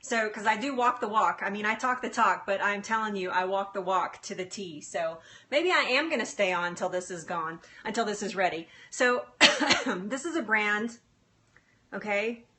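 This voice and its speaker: A woman's voice: mid-range voice, lively intonation, normal speed, pushed and bright. A woman health coach chatting on a live stream from her home kitchen on a phone, laughing often and easily moved as she answers viewers.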